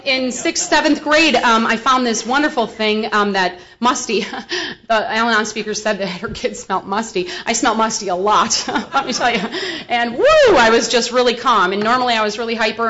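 A woman's voice: mid-range voice, a bit bright. Frank, rambling woman telling her story. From Milwaukee, US Midwest. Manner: frank, humorous, rambling with many fillers. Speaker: speaker sharing at a recovery meeting. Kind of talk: personal testimony, casual storytelling. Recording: dull lo-fi recording.

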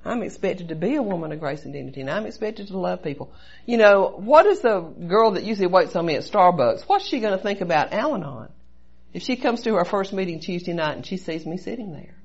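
A woman shares her recovery story in an earnest, storytelling way, repeating words for weight. Her voice has a gravelly fry to it. The recording sounds dull and lo-fi. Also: lowish voice, sing-song, brisk, darkish tone. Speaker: recovery meeting speaker. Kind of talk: personal testimony share.

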